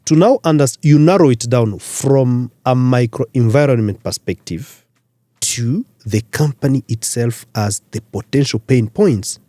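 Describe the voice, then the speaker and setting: A man from Rwanda, a career expert guest on a radio interview, explaining in numbered points with lively emphasis. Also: medium pitch, measured pace, dry recording. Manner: animated, lecturing in numbered points. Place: radio studio.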